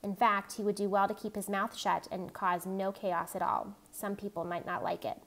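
A woman reading a novel aloud in a steady, even narrating voice. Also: mid-range voice, moderate pace, creaky. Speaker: reader.

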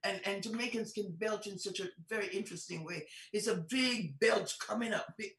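A middle-aged woman bishop preaching a fervent sermon, swinging between chatty asides and shouted exhortation. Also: medium pitch, animated, fairly quick, vocal fry, few pauses. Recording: echoey hall, from far off.

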